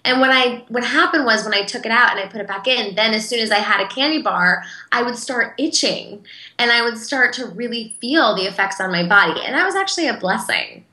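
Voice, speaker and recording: A woman's voice: fairly high pitch, lively intonation, pushed and bright, reverberant, poor audio. A woman interview guest speaking in a casual, earnest and heartfelt way, with frequent fillers. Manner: earnest, heartfelt, talks in quick bursts with fillers.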